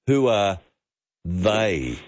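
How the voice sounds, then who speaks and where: An Australian man hosting talkback radio, relaxed and unhurried with many uh fillers. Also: lowish voice, dry recording, dull audio.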